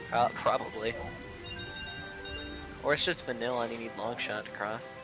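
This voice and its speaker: A man's voice: mid-range voice, unhurried. Man commentating a race over music. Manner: relaxed, joking, explains game details. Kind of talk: casual game commentary.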